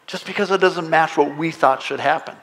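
A man delivers a sermon as pastor with his voice pitched a touch high for a man. He keeps it conversational and playful, then lifts his voice emphatically on the big points. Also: brisk, a bit bright, slight background noise. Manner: conversational preaching with playful asides; emphatic, rising on exclamations.

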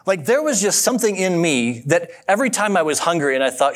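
A man preaching a sermon in a relaxed, conversational way, telling a story and asking his listeners questions. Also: high-pitched, fast talker. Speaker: pastor.

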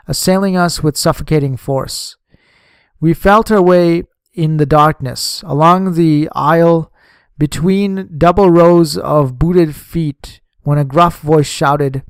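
A man narrating a memoir in a measured, steady audiobook reading on a close microphone. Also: a little high, smooth, no room sound.

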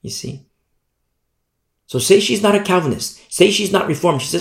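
A man's voice: high-pitched, animated, moderate pace, gravelly. Emphatic preacher man in a roomy echo. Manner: emphatic, repeats "you see?", jumps between loud and quiet. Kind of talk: bible study sermon.

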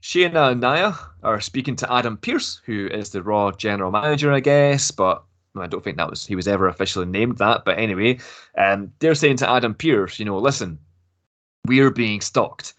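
A man's voice: on the low side, lively intonation, a little fast, fairly bright tone. A man from Glasgow, speaking without a Scottish accent, casually recapping a wrestling storyline with jokes, swearing and laughs. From Glasgow, Scotland. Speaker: podcast host recapping wrestling.

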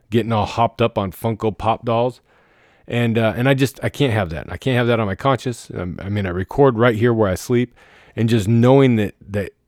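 A man with a lowish voice, rambling through a casual league recap from his bedroom. His talk is crude and teasing, full of swearing and trash talk. The sound is dry and close, with no room echo. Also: darkish tone. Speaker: fantasy football league commissioner.

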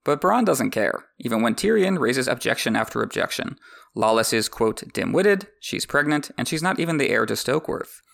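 Man, podcast host, very gravelly voice, wry commentary, reading and joking. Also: medium pitch, expressive, brisk, fairly bright tone. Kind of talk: reading a book with comedic commentary.

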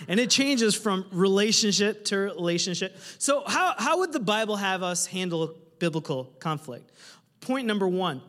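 Animated high-voiced male pastor in a reverberant hall. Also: normal speed. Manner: animated, humorous, asks the congregation questions. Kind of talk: sermon. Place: church hall with a congregation.

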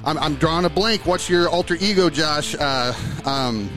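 A man hosting his own podcast in casual, energetic chat, joking and rambling as he talks to a guest. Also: fairly high pitch, moderate pace, soft background music. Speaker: podcast host.

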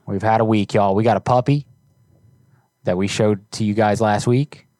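A man's voice: fairly low pitch, fairly even intonation, normal speed, dark tone, dry recording. A man hosting a live-streamed prank call show, chatting loosely with lots of swearing and fillers. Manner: loose, profane, rambling with fillers. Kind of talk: casual live-stream chat.

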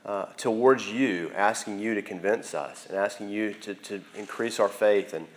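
Young male campus preacher, low voice, earnest and halting, repeats words mid-prayer. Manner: earnest, repeats words while searching for them. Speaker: campus minister. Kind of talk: sermon and closing prayer.

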